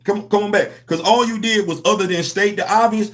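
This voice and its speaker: A man with hosting a comics livestream, talking to his chat in an animated, preachy, slangy way. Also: high voice, brisk. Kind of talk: casual livestream commentary.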